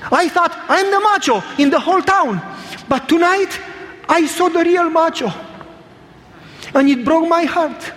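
A man's voice: extremely high pitch, normal speed, voice pushed up. A man voicing a huge, formerly tough man who now speaks earnestly and eagerly. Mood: moved. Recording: long hall reverb, faint noise.

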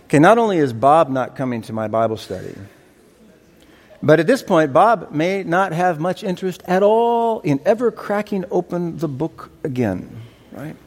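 A man's voice: on the high side, expressive, normal speed, a little mellow. A man preaching a sermon as pastor, in a conversational, wry manner. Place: church sanctuary. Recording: reverberant hall.

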